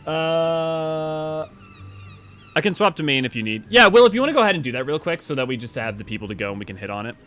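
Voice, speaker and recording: A man's voice: on the high side, sing-song, quick pace, fairly bright tone, a little hiss or hum. A man hosting a game live stream, chatting casually with viewers in a rambling way while he organizes a group. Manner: rambling, talks to chat while organizing a party.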